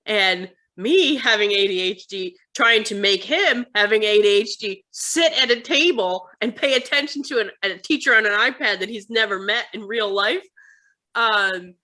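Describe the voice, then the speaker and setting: An American woman chatting as an interview guest, with a bright, forceful tone. She tells stories with animation, slipping into other people's voices as she goes. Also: medium pitch, normal speed. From United States. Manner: animated storytelling, acts out her sons' voices. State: tired. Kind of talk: casual interview chat.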